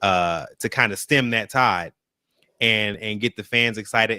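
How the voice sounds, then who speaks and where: A man co-hosting a casual reaction chat, animated and direct with his listeners. His voice is bright and smooth, recorded close and dry. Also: mid-range voice, normal speed, no room sound. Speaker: co-host of a reaction show.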